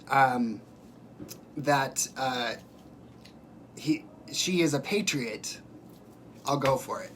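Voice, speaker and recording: A low-pitched woman talks to her viewers in an unscripted livestream, emphatic and rambling as she picks up their comments. A faint hum of room ambience sits under her voice.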